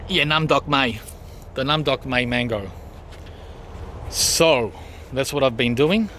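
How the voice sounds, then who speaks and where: A man's voice: mid-range voice, slow pace, bright, forceful tone, slight background noise. A man chatting casually as he walks through his backyard garden, rambling with frequent ums as he points things out. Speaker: gardening vlogger.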